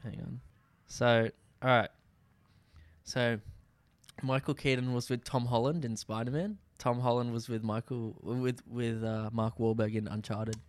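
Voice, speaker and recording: A man co-hosting a podcast in casual chat, relaxed and patient as he explains things. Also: mid-range voice, a little slow, no room sound. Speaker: podcast co-host.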